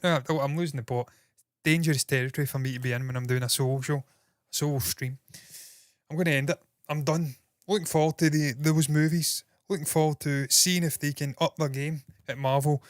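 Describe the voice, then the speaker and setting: A man's voice: mid-range voice, fairly even intonation, brisk, no room sound. Man, stream host, casual, rambling, swears a lot, dry recording. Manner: rambling, profane and self-deprecating. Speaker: entertainment news host. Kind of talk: casual solo livestream commentary.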